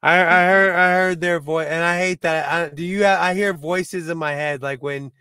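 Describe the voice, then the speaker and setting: A man co-hosting a podcast in casual chat, rambling excitedly with lots of restarts. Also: fairly high pitch, normal speed, clear, resonant tone, dry recording. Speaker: podcast co-host.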